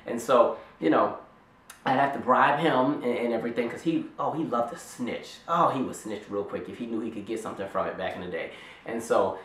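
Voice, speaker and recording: A man in his twenties telling a rambling, animated story in a storytime vlog, with lots of "like"s. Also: medium pitch, brisk, roomy sound. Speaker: vlogger.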